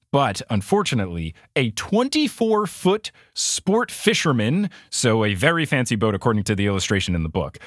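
A man's voice: fairly low pitch, a bit bright, no echo, clean studio sound. A man hosting a podcast, animatedly retelling a children's mystery book with joking asides. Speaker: podcast host. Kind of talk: casual book recap chat.

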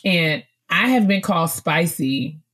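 A woman's voice: deep voice, lively intonation, unhurried, fairly bright tone. A woman co-hosting a book club chat, talking casually, laughing often and repeating herself when she gets worked up.

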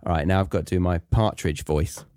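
A man with a British English accent hosting a casual podcast as an English teacher, chatty and animated. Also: low-pitched, brisk, smooth, no room sound, clean studio sound. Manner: chatty, animated, with frequent restarts.

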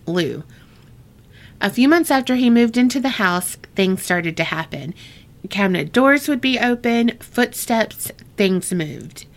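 A woman co-hosting a podcast, reading listener ghost stories aloud in a casual, chatty way and laughing often. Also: mid-range voice. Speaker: podcast co-host.

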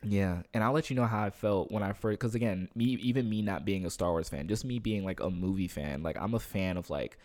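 A man with a fairly low voice talks casually on a podcast. His stories ramble, full of restarts and filler words, and he swears now and then. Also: brisk, hardly any pauses. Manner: rambling, animated storytelling with many fillers and restarts. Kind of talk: casual chat.

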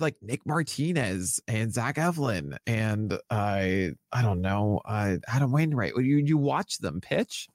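A man co-hosting a podcast in casual, enthusiastic chat, his pitch swinging widely as he gets excited. The voice sits close and dry, with no room sound around it. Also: no room sound. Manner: animated, enthusiastic, jokey. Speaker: podcast co-host, fantasy baseball analyst.

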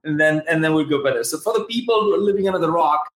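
A man's voice: a little high, lively intonation, racing, fairly bright tone. Male livestream host, Southern US accent, upbeat and rambling, webcam audio in a roomy space. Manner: enthusiastic, rambling, many restarts. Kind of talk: live-streamed interview.

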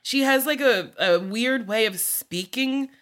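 A woman in casual podcast chat, telling animated stories and laughing often. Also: fairly high pitch, a little slow.

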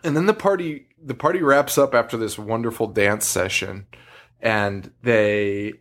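A man's voice: on the low side, a little slow, fairly bright tone. A man co-hosting a podcast, in a casual movie-review chat, laughing and swearing freely as he retells scenes. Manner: laughing, profane, storytelling. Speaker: podcast co-host.

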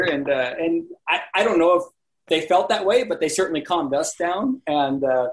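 A man guesting on a podcast, telling a backpacking story in a casual, animated way, acting out other people's lines and often laughing. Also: a little high, normal speed, low-quality recording. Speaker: podcast guest, landscape photographer.

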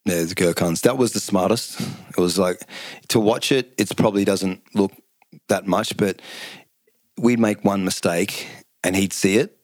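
A middle-aged man, casually telling lively stories as a podcast guest and acting out the quotes. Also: deep voice, unhurried, dry recording. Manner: animated storyteller, acts out quotes, laughs often. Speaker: guest, former kickboxing champion. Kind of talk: casual storytelling chat.

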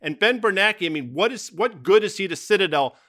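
Bright, emphatic man co-hosting a podcast. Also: high-pitched, expressive, fairly quick. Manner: emphatic, opinionated, name-dropping movie quips. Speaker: podcast co-host. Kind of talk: casual market talk.

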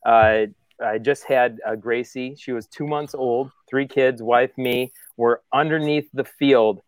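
A man from the Chicago area telling a story on a casual podcast. He is animated and acts out the lines he quotes. The recording is dry and close, with no room sound. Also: medium pitch, a little slow, no echo. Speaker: podcast host.

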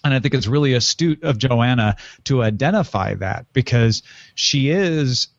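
A man with a medium-pitched, expressive voice speaks at a normal pace, co-hosting a podcast where he talks through a novel's themes in a casual book discussion. He explains at length in a thoughtful way, with frequent fillers. The recording is dry and muffled.

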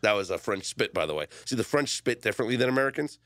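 Bright, animated man hosting sports talk. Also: lowish voice, very fast, dry recording. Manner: jokey, animated, laughs often. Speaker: radio show host. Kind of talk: casual sports talk chat. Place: radio studio.

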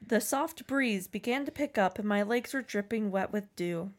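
A woman's voice: medium pitch, normal speed. A young woman reading her teenage fan fiction aloud, theatrical, her voice jumping up for the quoted lines. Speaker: co-host reading her old writing aloud.

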